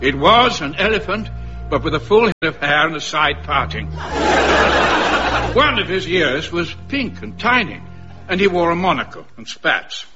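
A melodramatic, hapless gentleman. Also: fairly high pitch, big pitch swings, normal speed, dull audio, music in the background. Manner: theatrical, melodramatic. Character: pompous, hapless Victorian gentleman narrator. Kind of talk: radio comedy narration and dialogue.

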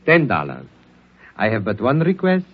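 An actor playing a proud, theatrical male doll maker in a radio-style drama, speaking in a husky, showman-like way. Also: fairly low pitch, huge pitch swings, normal speed. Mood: grand. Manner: grandiose, showman-like. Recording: dull lo-fi vintage recording.

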